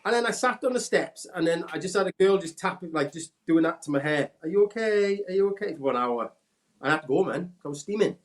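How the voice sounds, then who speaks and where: A Welsh man in his forties, a former footballer, telling animated anecdotes in casual chat and mimicking people in a raised voice. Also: fairly quick. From Wales. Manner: animated anecdotes, acts out quotes in a high voice. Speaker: former footballer, podcast guest. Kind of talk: casual storytelling.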